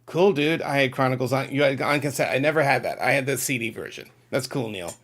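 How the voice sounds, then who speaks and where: A man's voice: medium pitch, quick pace, a bit bright. A middle-aged man hosting a casual livestream, reading out viewer chat and rambling emotionally to his audience. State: on the verge of tears.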